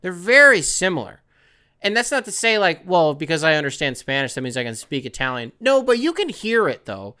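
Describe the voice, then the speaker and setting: A young man from the United States hosts a podcast, rambling through a casual, profane monologue. His pitch swings widely, and his tone is bright. He sounds conversational throughout. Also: very animated, brisk, clean tone. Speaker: podcast host.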